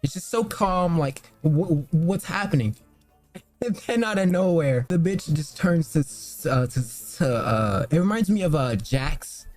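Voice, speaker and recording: A man's voice: on the high side, lively intonation, measured pace, darkish tone, no room sound, soft background music. Rambling young man swearing casually. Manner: rambling, filler-heavy, swears freely. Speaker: movie reviewer. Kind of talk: casual chat.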